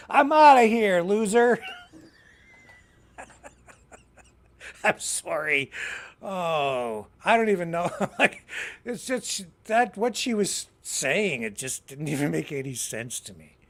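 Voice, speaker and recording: A man's voice: a little high, fairly bright tone. A Canadian man with a Canadian English accent hosting a live news show, rambling through casual commentary and often laughing at his own jokes.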